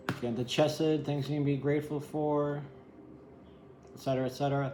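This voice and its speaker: A man's voice: fairly high pitch, flat delivery, normal speed, roomy sound, over music, low-quality recording. Candid rambling man reading tarot. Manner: rambling, candid, swears and laughs often. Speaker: tarot reader.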